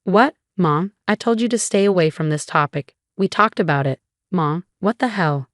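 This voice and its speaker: A woman voicing an angry grown son in a storybook reading, standing up for his wife in an even, flat delivery. The voice sits fairly low, and the sound is dry and close. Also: moderate pace, no room sound, lightly acted.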